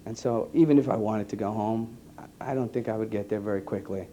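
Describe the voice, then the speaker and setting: A man, an EMT giving an earnest personal testimony to an audience, halting and repeating his words. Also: lowish voice, mellow, a little hiss or hum. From New York. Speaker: EMT speaking to a conference.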